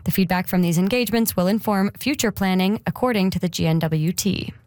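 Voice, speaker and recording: A woman news anchor reading a regional radio newscast in a steady, measured way. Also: mid-range voice, no echo. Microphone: studio microphone.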